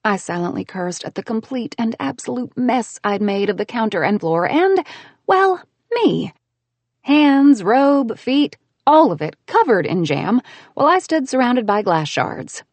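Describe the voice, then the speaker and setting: Female audiobook narrator, animated and expressive, dry close sound. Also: on the high side, moderate pace, dry recording. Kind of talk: first-person audiobook narration.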